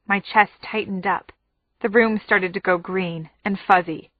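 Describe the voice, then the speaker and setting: A female narrator reading a first-person audiobook in a measured, anxious way. She speaks slowly at a middling pitch. The sound is dry and tinny, like a phone line. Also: steady tone, dry recording.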